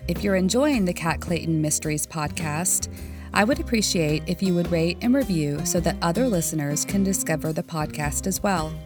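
A woman's voice: fairly low pitch, animated, normal speed, over music. Folksy woman narrating a mystery podcast. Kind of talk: first-person mystery storytelling.

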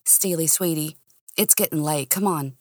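A kind young man gently coaxes a friend along, as a woman reader puts him on. Her tone is soft and slightly low, recorded dry and close. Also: normal speed, dry recording. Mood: coaxing.

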